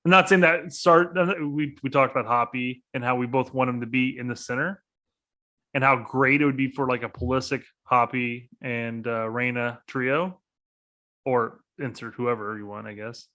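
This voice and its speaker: A man's voice: mid-range voice, steady tone, normal speed, bright, forceful tone. A man co-hosting a casual soccer podcast, rambling and thinking aloud as he talks through lineups. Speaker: podcast co-host.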